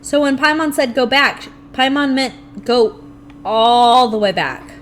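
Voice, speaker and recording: A young woman streaming a video game live, talking to herself and her chat in an animated, playfully grumbling way. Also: high-pitched, slow pace, slight background noise. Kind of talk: live gameplay commentary.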